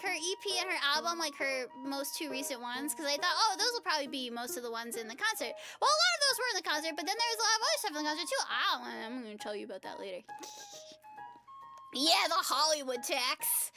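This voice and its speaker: A woman with a very high, bright-toned voice narrates her travel vlog. Her pitch bounces widely as she rambles through asides, fillers and jokes in a casual, chatty way. Music plays clearly underneath her voice-over. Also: animated, fast talker. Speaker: travel vlogger.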